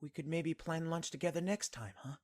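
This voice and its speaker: A woman voicing a gentle, sweet young male classmate from a dating game, speaking softly and kindly. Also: deep voice, brisk, voice pushed down. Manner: soft and kindly. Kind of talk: reading an otome game aloud.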